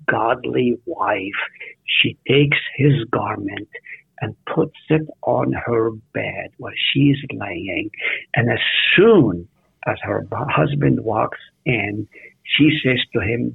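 Bible teacher, man, raspy and gravelly, slow and questioning, lo-fi phone-line sound. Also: medium pitch, no echo. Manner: animated, asks the listeners questions. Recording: tinny phone-like radio audio.

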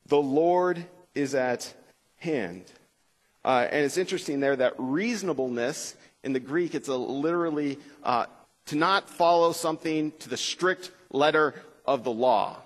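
Man teaching Bible class in echoing gym. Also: a little high. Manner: relaxed, frequent uh fillers, slows for scripture reading. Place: school gym with bleachers. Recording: long reverb of a gym.

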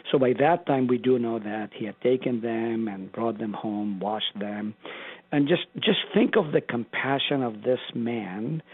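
A man's voice: mid-range voice, breathy edge. A pastor, a man, teaching a Bible study in an earnest, emphatic preaching manner. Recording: tinny phone line.

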